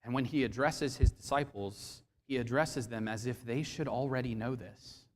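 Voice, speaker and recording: A man preaching a sermon to a congregation, expressive and questioning, acting out quoted voices as he goes. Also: medium pitch, normal speed, hardly any pauses, big-room sound. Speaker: pastor. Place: church sanctuary.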